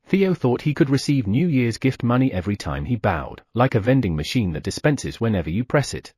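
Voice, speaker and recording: A man narrating an audiobook, telling the story with lively sound effects. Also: mid-range voice, moderate pace, hardly any pauses, breathy edge, dry recording, studio quality.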